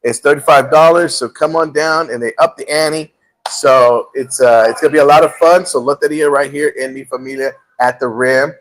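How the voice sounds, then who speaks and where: The host of a live talk show recounts a personal anecdote casually, often starting over and acting out the quotes. His mid-range voice is a bit bright, fairly even in intonation, and moves at a normal speed.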